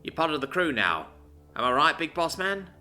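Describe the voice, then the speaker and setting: A man's voice: fairly high pitch, very animated, normal speed, bright, forceful tone, faint music behind, voice pushed up, heavily acted. A man voicing a sultry, teasing female reptilian mechanic.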